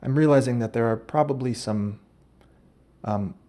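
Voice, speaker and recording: The podcast host here is a man with a warm, medium-pitched voice and a moderate pace. He tells a meandering, absurd comic story, frequently interrupting himself to make corrections.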